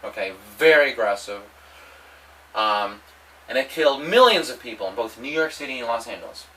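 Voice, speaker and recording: A man delivering a rambling, provocative monologue, halting often and restarting his sentences. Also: mid-range voice, big pitch swings, fairly bright tone, distant mic, poor audio. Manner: halting, with many restarts and repetitions. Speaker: vlogger.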